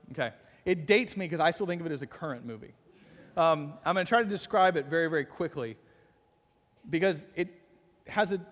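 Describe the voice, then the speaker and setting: Male pastor, middle-aged, high-pitched, storytelling sermon, big reverberant room. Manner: storytelling, self-deprecating humor, builds to fervent intensity.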